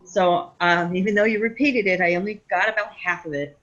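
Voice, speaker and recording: A woman's voice: medium pitch, fairly even intonation, fairly quick, a bit bright. A woman attending a webinar, asking a question politely and carefully. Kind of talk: online Q&A. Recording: dull lo-fi call audio.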